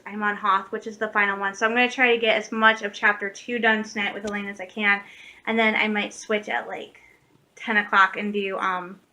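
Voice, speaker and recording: Bright-voiced chatty young woman vlogging. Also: mid-range voice. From Michigan. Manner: chatty, excitable storytelling with laughs. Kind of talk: casual daily vlog chat.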